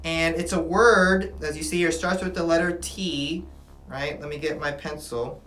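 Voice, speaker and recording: A man giving a classroom lecture. He talks in an animated way and keeps checking in with his listeners. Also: a little high, a little slow. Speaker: teacher. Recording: echoey room with faint music. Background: faint music.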